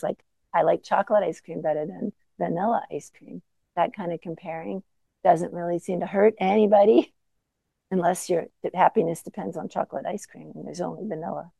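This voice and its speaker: A woman meditation teacher giving a gentle, conversational dharma talk with self-deprecating asides. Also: fairly low pitch, creaky, dry recording, low-quality recording.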